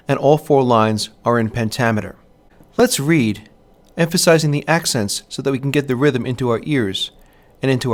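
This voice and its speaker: Man narrating a poetry lesson. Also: medium pitch. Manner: measured, stressing rhythm when reading verse aloud. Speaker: teacher. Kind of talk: scripted lecture narration.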